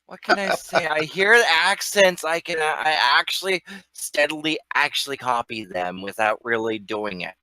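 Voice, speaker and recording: A man's voice: on the high side, normal speed, few pauses, dry recording. A man from near Portland, Oregon, chatting casually and joking as a player in a tabletop game. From Pacific Northwest, near Portland, Oregon. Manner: lively, jokey. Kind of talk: casual chat.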